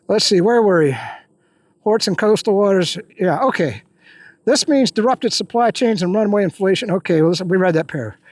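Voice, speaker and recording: An American man with a strikingly high voice, reading a political piece aloud while out walking in the evening. He drifts into rambling asides, then hits the text with punchy emphasis. The sound is dry and close, with almost no room around it. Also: no room sound. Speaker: political commentary vlogger. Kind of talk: casual commentary reading an article aloud. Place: outdoors on an evening walk in the heat.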